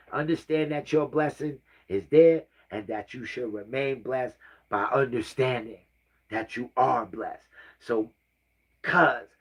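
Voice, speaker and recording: A man's voice: fairly low pitch, breathy edge. Rambling middle-aged man hosting a livestream. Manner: rambling, heartfelt, drops to soft asides. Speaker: livestream host. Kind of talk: casual livestream talk.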